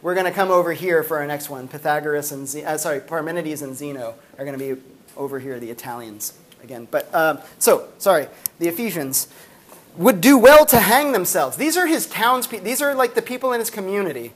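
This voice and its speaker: A man's voice: a little high, brisk. A man lecturing on philosophy to a university class, casual and chatty with many fillers. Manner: chatty, filler-heavy, animated storytelling.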